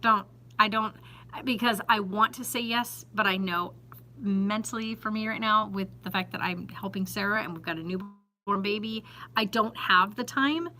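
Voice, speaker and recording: A woman's voice: mid-range voice, moderate pace, pushed and bright, rough recording. A woman vlogging to a handheld phone in her small store, chatty and exasperated, often laughing and emphatic. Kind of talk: casual chat to camera.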